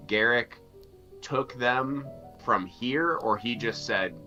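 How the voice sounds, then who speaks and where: A man's voice: medium pitch, slow pace, bright, forceful tone, muffled recording, faint music behind. A man playing a tabletop game, talking hesitantly with many restarts. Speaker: player.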